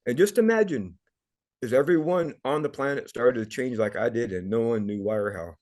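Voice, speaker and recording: A man's voice: medium pitch, normal speed, a little mellow. Earnest man telling his story. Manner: earnest, repeats words often, gets emotional. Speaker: guest. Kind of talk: emotional personal storytelling.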